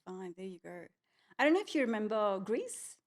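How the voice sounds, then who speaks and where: A woman with a mid-range voice hosts a relaxed interview. She fires off quiz questions in an upbeat way and keeps the chat moving. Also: medium pitch, fast talker. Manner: upbeat quizmaster, leading questions. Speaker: host.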